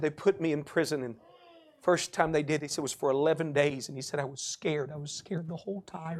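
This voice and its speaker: A man preaching a sermon, retelling a testimony and building up to shouted praise. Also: on the high side.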